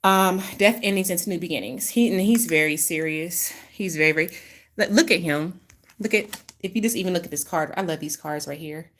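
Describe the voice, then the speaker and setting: A woman's voice: on the low side, a little fast, a bit bright. A woman hosting a casual channeled reading, rambling, with many restarts and apologies. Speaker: intuitive reader, host.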